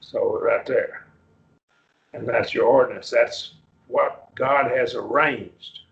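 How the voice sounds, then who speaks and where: A man's voice: mid-range voice, steady tone, creaky, a bit bright. A man teaching a Bible class on a Greek text, explaining step by step and quizzing his students. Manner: explains slowly, quizzing students, many restarts. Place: church classroom. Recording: roomy, muffled class recording.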